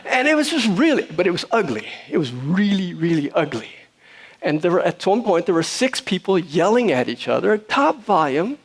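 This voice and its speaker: A man's voice: high-pitched, sing-song, normal speed. Easygoing man telling a story to a gathering. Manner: storytelling, easygoing, with fillers and restarts, rising loud when retelling shouting. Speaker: speaker at a spiritual community. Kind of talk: conversational sermon. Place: room with about seventy people.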